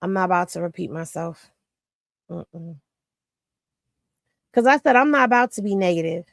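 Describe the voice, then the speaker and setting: A woman's voice: lowish voice, expressive, normal speed, vocal fry, no echo, clean studio sound. A tired woman, chatting with viewers about celebrity gossip on a home livestream. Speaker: livestream host. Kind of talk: casual livestream chat.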